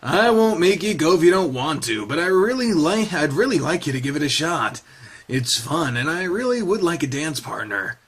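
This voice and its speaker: A man voicing a polite, gentle young male wolf who speaks softly and courteously. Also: a little high, very animated, normal speed, slightly rough, heavily acted. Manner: soft-spoken, courteous.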